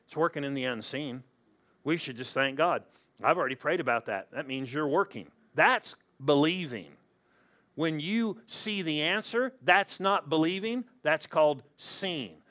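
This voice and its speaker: A man's voice: fairly high pitch, lively intonation, unhurried, sharp tone. A male pastor preaching a sermon in a humorous, storytelling way, acting out the people in his stories.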